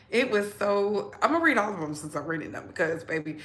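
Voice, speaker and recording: A woman's voice: medium pitch, a bit bright. A woman hosting a casual gossip commentary channel, chatting and reading posts aloud to her viewers. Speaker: host. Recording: echoey room, faint noise.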